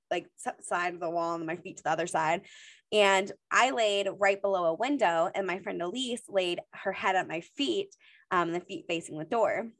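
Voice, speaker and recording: A woman's voice: mid-range voice, no echo. A young adult woman telling a story casually over a video call, with lots of fillers and sudden rises at the tense moments. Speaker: guest storyteller.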